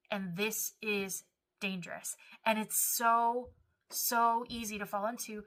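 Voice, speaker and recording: A woman's voice: mid-range voice, steady tone, slow, a bit bright. A woman giving a devotional Bible teaching in an earnest way, sometimes voicing prayers and scripture aloud.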